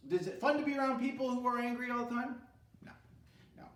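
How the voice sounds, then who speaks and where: High, bouncy guy teaching kids feelings, asks and answers himself, roomy echo, sounds a bit far off. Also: fast. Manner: animated, asks questions and answers them himself, breaks into short sung lines. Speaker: music therapy teacher. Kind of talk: recorded e-learning lesson for children.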